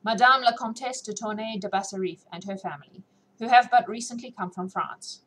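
A woman's voice: fairly high pitch, fairly quick, a bit bright, pitched above the performer's own voice, rough recording. A woman reading the part of a formal male statesman hosting a ball in a classic novel audiobook, deferential and ceremonious.

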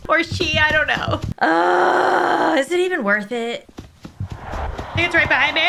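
High, lively, jumpy woman gamer. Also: creaky, background noise. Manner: jumpy, shrieks and laughs nervously; repeats panicked exclamations. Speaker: gaming YouTuber. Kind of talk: horror game let's-play commentary.

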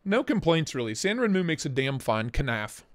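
A man hosting a casual livestream, talking in an excitable, slangy way and swearing freely. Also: on the high side, normal speed. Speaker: livestream host.

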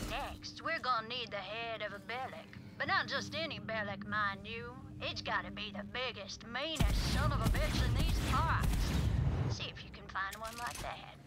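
A woman's voice: on the high side, measured pace, lightly acted. A woman voicing a folksy frontier woman who drawls out a spooky legend, in a game. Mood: gleeful instructing. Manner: drawling, storytelling, folksy slang. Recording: game audio with clear background noise.

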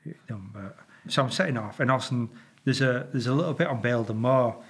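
Speaking quickly in a mid-range voice, a middle-aged Yorkshire man who used to be a traffic cop shares casual stories on camera. Expect animated energy, free swearing, acted-out sound effects, and frequent stumbles and repetitions.

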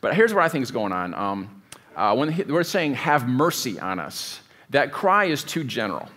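A man's voice: mid-range voice, big pitch swings, moderate pace, fairly bright tone. A man preaching a sermon as pastor, in a conversational, digressive way, often stopping to rethink a sentence. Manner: conversational, digressive, thinks aloud mid-sentence.

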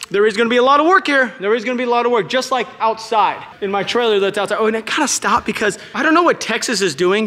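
A young man with a high, bright voice rattles off his latest resale finds at a fast clip. He sounds excited and jokey, chatting casually to his viewers from outside a storage unit. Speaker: storage unit reseller vlogger. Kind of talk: casual vlog chat. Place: outdoors at a storage unit in heat.

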